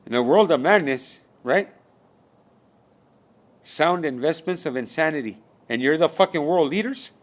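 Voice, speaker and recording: A spiritual speaker with a fairly high, expressive male voice delivers a rambling monologue at a measured pace, pausing often. He swears frequently and fires off rhetorical questions, repeating them as he goes.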